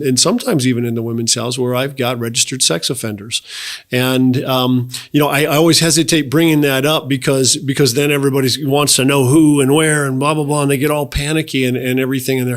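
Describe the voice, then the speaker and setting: A man hosting an interview as a mission director, speaking in an earnest, impassioned conversational way. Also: on the high side. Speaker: host, director of a residential rescue mission.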